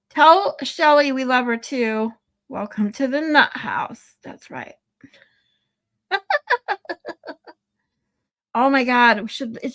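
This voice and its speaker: A woman's voice: a little high, a bit bright. A woman streaming live, chatting casually with viewers, laughing often and swearing loosely. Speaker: live streamer reading chat.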